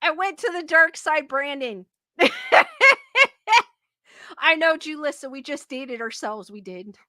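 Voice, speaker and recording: A high-pitched, bright-toned woman in her late thirties hosts a live stream, reading viewers' comments aloud. She talks at an unhurried pace, laughs often and slips into playful sing-song jokes. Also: no room sound, clean studio sound.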